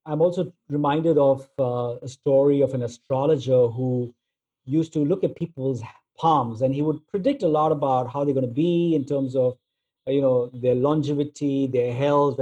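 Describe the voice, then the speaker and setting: A man giving a relaxed storytelling talk, using plenty of filler words as he tells everyday examples. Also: mid-range voice, slightly rough. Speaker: speaker on negotiation.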